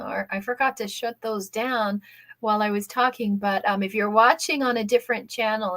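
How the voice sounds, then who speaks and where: A woman hosting a live online workshop, talking in a chatty, energetic way and often checking in with "okay?". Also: medium pitch. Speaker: workshop host. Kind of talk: live-stream workshop talk.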